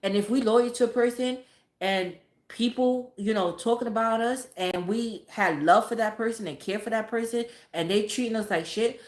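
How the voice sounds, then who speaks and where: A woman's voice: on the high side, moderate pace, a little mellow. A woman vlogger ranting bluntly and profanely, in a casual, emphatic way. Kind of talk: casual motivational rant. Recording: echoey room.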